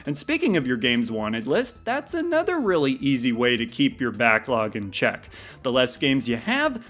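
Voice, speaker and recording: A man's voice: on the high side, fairly bright tone. A man hosting a gaming video, delivering scripted commentary in a wry, playful, emphatic way.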